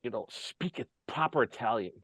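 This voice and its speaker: Over a video call, a man from the United States hosts a relaxed chat, spinning animated stories full of fillers and breaking into frequent laughter. He speaks at an ordinary pace in a mid-range, slightly rough voice, with no room sound on the recording.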